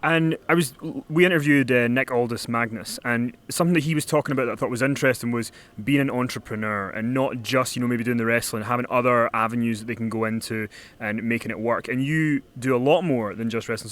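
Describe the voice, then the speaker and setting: A man's voice: medium pitch, fast talker, fairly bright tone. A man hosting a casual interview, chatty and self-deprecating. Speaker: interview host.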